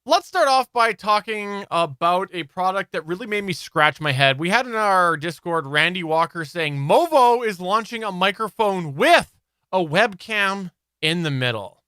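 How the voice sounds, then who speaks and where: A man co-hosting a live podcast chat, talking in an animated, casual way and laughing easily. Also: sits high, measured pace, clear, resonant tone, no room sound, studio quality. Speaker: podcast co-host.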